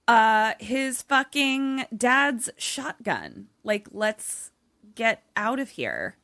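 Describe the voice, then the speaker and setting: Female podcast co-host, bright tone, dry close sound, exasperated casual banter. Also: a little high, big pitch swings, very slow, no room sound. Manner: exasperated, swears, thinks out loud.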